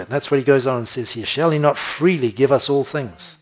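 A man's voice: mid-range voice, slightly rough. Emphatic male preacher reading scripture. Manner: emphatic scripture reading with slowed stressed phrases; conversational asides with soft laughs. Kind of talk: sermon.

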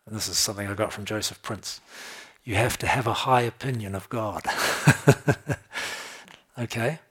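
A man preaching a sermon, reading scripture with slow, stressed phrases and chatting to his listeners between verses. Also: lowish voice, steady tone, slightly rough. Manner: conversational asides with soft laughs.

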